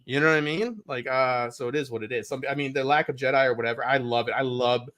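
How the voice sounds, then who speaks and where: A man co-hosting a casual livestream chat, talking in a rambling, excitable way and swearing casually. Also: mid-range voice, quick pace, a little hiss or hum. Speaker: co-host.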